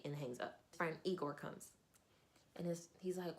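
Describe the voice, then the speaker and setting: A woman's voice: low-pitched, steady tone, normal speed. A woman casually recapping a novel as a book reviewer, acting out the characters as she goes.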